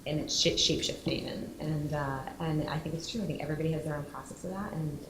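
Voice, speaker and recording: A woman's voice: sits low, background noise. Emotional woman producer in a roomy hall. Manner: emotional and animated, quick bursts of emphasis. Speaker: film producer on a festival panel. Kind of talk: candid panel discussion.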